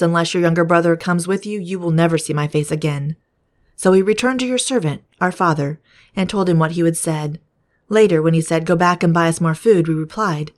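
Woman reads an earnest, pleading grown man, slightly low voice, scripture-reading style. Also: close to an everyday voice. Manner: earnest, pleading read-aloud delivery. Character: Judah, grown man pleading before a ruler.

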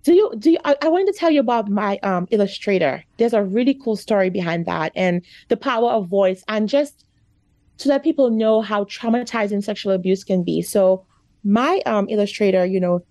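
A woman's voice: medium pitch, lively intonation, normal speed, darkish tone, no echo. A woman guest author telling a personal story in an interview, chatty and full of "like" and "you know", getting emotional. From America. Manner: chatty, lots of "like" and "you know", gets choked up.

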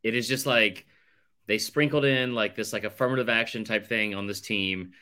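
A man co-hosting a podcast, chatting casually and ranking movies with blunt, animated opinions and some swearing. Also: lowish voice, normal speed. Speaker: podcast co-host. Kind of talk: casual chat.

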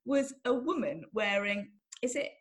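A woman's voice: on the high side, lively intonation, measured pace. A woman co-hosting a podcast, telling stories animatedly and laughing often. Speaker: podcast co-host. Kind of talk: casual chat.

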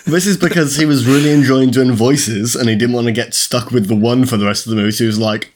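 A man's voice: mid-range voice, steady tone, quick pace, few pauses. A man co-hosting a casual film-review podcast, chatting in an easygoing, agreeable way. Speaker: podcast co-host.

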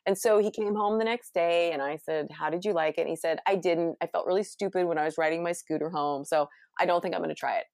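Middle-aged woman, low gravelly voice. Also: quick pace, hardly any pauses, no room sound, clean studio sound. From California. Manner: animated storytelling, acts out quotes. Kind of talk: casual conversation.

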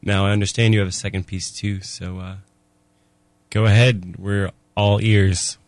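A man with a very deep, flat voice hosts a radio talk show from the studio. He speaks in a calm, announcer-like way, and the sound is dry and close. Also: measured pace, dry recording. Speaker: radio host.

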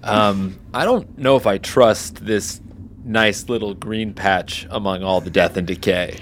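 A man's voice: fairly low pitch, measured pace, slight background noise. A man playing a tabletop game, blunt and wry. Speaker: player.

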